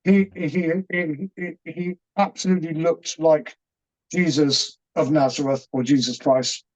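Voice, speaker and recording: A middle-aged man, earnest and halting, telling a personal story as an interview guest with many restarts. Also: on the high side, steady tone, darkish tone. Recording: dull, muffled audio.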